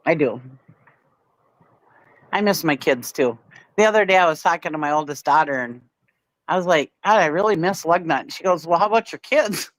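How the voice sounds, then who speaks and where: A woman's voice: deep voice, animated, normal speed, pauses often, dry recording, poor audio. Giggly, chatty woman on a panel. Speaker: panel guest. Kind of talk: casual livestream chat.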